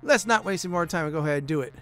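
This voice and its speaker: A man's voice: on the high side, lively intonation, rapid-fire, fairly bright tone, soft background music. A man hosting a let's play, chatting casually with fillers while exploring a game. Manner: casual, rambling, many fillers. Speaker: gaming channel host.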